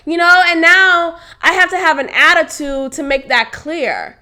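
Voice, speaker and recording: A young woman hosts a podcast, telling a workplace story in a casual, candid way, swearing freely and laughing along. Her voice is very high-pitched, bright and forceful, and a little slow.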